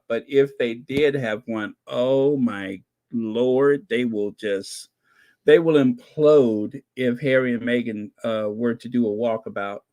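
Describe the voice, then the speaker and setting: A man hosting his own channel, giving excited casual commentary, gleeful and laughing, who repeats his points over and over. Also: medium pitch. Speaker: channel host reacting to royal news.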